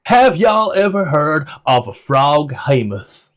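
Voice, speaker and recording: A man with a Scottish accent voicing an excitable woman guide, exclaiming in a high, drawn-out voice. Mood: excited.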